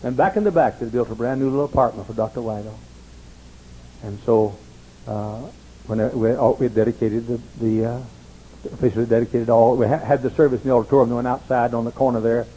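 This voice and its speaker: A man's voice: fast, a little hiss or hum, low-quality recording. An older man preaching, telling stories animatedly and acting out quoted voices. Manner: animated storyteller, acts out quotes in high voices. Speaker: pastor. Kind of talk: sermon storytelling.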